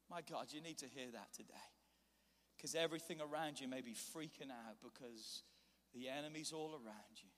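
A man preaching a sermon, telling a scripture story and acting out its scenes with animated voices. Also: a little high, moderate pace. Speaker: pastor. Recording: long hall reverb.

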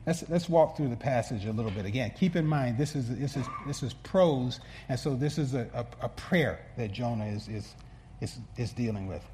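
A male pastor preaching a sermon in an earnest way, often restarting words and swinging between soft asides and emphatic peaks. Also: medium pitch, expressive, moderate pace, a little hiss or hum.

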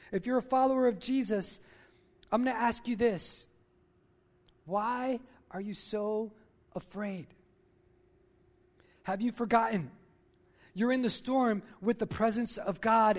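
A male pastor preaching a sermon, talking straight to his listeners and repeating key lines for emphasis. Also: very high voice.

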